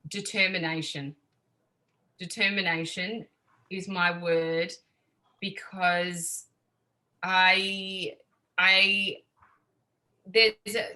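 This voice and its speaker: A woman's voice: mid-range voice, rough recording. A woman, a podcast guest talking openly and emotionally in casual interview chat. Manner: emotional, openly expressive, laughs easily.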